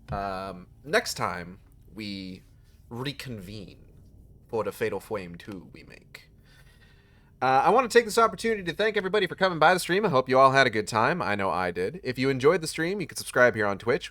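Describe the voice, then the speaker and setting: A man's voice: mid-range voice, pushed and bright. Swearing, frustrated young man streaming a game. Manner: frustrated, swearing, sarcastic muttering. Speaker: streamer playing a horror game. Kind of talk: casual live-stream commentary.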